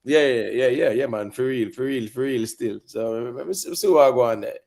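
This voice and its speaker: A man's voice: medium pitch, fairly quick, vocal fry, a little mellow. A man with a Jamaican accent hosting a live-stream panel in casual chat, easygoing and full of "you know" and "man". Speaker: panel host.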